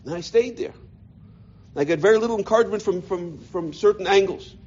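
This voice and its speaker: A man, a rabbi from the United States, telling his life story in an animated way, often repeating words as he goes. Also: high-pitched, brisk, dull audio. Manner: animated, repeats words, voices quoted people. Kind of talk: personal storytelling talk.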